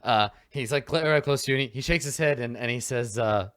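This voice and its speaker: Guy game-mastering a tabletop session, mid pitch, dry close sound, lots of ums. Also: moderate pace, a bit bright, no room sound. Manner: casual, many fillers, descriptive.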